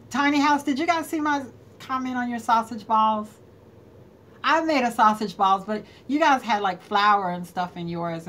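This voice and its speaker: A woman from North Carolina hosts a casual live stream, chatting, greeting viewers by name, and laughing often. Her mid-range voice is fairly bright, with a little hiss or hum in the audio.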